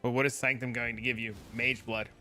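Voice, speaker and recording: A man streaming a game, chatting casually with viewers, profane and animated when telling a story. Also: medium pitch, fairly quick, faint music behind. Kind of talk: casual chat.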